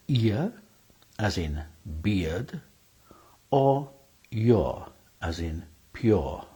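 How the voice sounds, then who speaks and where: Man, teacher, slow, husky, lively low voice, spells out letters. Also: rough recording. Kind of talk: spelling lesson.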